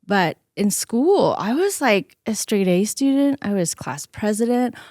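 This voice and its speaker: A middle-aged woman telling personal stories in an interview, animated and acting out the voices of the people she quotes. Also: mid-range voice, measured pace, no echo, clean studio sound. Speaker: interview guest. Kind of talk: conversational storytelling.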